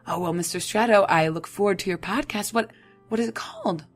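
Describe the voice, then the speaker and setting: A woman's voice: mid-range voice, a little fast, faint music behind, lightly acted. A woman playing a needy, volatile advice show host who talks dramatically and swings between soothing and angry. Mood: eager. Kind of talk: comedy sketch acting.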